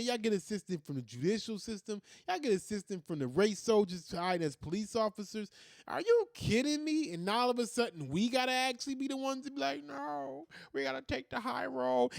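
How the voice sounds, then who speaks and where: Host, male, high-pitched, fiery profane rant, dry close sound. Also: animated, a little fast, no room sound. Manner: heated, ranting, profane. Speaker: commentary host. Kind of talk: opinion monologue.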